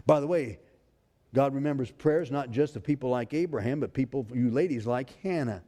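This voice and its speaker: A man's voice: mid-range voice, a little fast, dark tone. Man preaching in a reverberant church. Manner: reads King James scripture aloud, pleading preacher cadence. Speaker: pastor. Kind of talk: sermon. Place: church sanctuary. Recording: long hall reverb.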